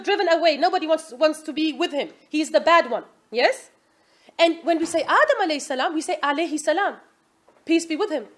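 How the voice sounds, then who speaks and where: High-voiced woman teaching an Islamic class. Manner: asks the class "Yes?" often, lively quoting. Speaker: religious teacher.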